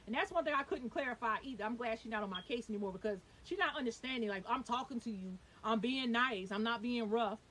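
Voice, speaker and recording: A young woman tells her own story to the camera in a quick, emphatic rush, her voice sitting a little high. She swears when the frustration builds. A faint hiss runs under the recording. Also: fairly bright tone, rough recording. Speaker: vlogger. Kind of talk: heated personal storytelling.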